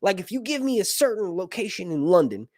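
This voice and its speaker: A man's voice: sits high, big pitch swings, fairly quick, a little mellow, no room sound, clean studio sound. A man hosting a casual live stream, reading viewer messages aloud and chatting with lots of laughs and energy. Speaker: livestream host.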